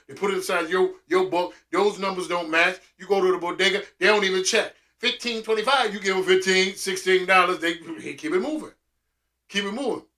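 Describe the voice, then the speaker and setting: A man's voice: sits high, fairly bright tone, distant mic. A man telling stories casually and with animation, full of slang and restarts. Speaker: restaurant owner and vlogger. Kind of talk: casual storytelling monologue.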